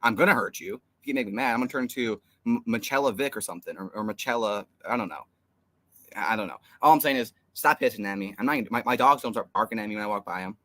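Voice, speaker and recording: Rambling, exasperated young man, bright voice. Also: on the low side, fast. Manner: rambling, exasperated storytelling with fillers. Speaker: co-host of a fan live stream. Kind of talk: casual live stream chat.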